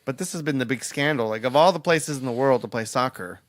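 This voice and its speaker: A man's voice: medium pitch, quick pace, dry recording. A man co-hosting a podcast, telling stories and chatting casually in a wry, rambling way. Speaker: podcast co-host.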